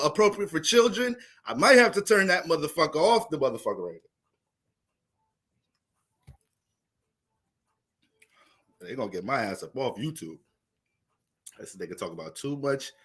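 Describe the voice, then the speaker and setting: A young man casually talking through an astrology livestream, profane and animated, laughing often. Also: on the high side, moderate pace, long pauses.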